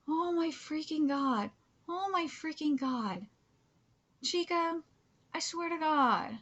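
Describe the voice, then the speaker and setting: A woman streaming a live manga reaction, gushing, cursing freely and often dropping into breathy whispers. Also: high-pitched, slow pace, a bit bright, highs cut off. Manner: gushing, swears a lot, drops into whispers.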